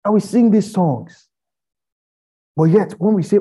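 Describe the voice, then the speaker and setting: A man preaching an impassioned sermon, firing rhetorical questions at his listeners and rising to loud pleading. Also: fairly high pitch, lively intonation, measured pace, breathy edge. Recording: dull lo-fi recording.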